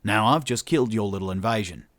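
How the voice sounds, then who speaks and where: A man's voice: lowish voice, fast talker, fairly bright tone, dry recording, lightly acted. A man voicing a cocky, menacing human male salvager who talks casually, swears and keeps saying "mate".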